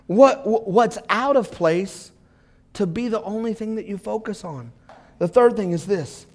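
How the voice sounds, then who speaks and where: A man's voice: sits high, lively intonation, unhurried, a little mellow. A pastor preaching an emphatic sermon to his congregation about marriage. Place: church.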